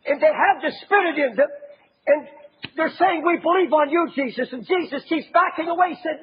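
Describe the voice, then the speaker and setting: A man preaching an impassioned sermon as a pastor, often raising his voice to a shout. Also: extremely high pitch, fairly quick, dull audio, a little hiss or hum.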